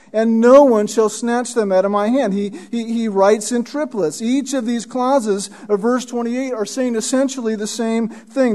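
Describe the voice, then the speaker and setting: Emphatic high-pitched male preacher. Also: a little mellow. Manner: emphatic, repeats "Right?" to the listeners. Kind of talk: expository sermon.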